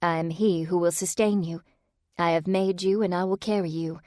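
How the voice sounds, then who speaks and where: A woman's voice: fairly low pitch, fairly even intonation, moderate pace, no echo, studio quality, close to an everyday voice. A woman reading the lines of a devout woman who reassures a friend with scripture. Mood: reassuring. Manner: gently reassuring.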